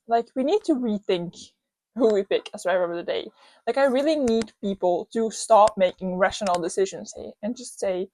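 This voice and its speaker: A young woman hosting her own podcast, ranting casually with lots of fillers and quick restarts. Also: on the high side, dry recording. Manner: animated, rambling, many "like" fillers. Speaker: podcast host. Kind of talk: solo podcast rant.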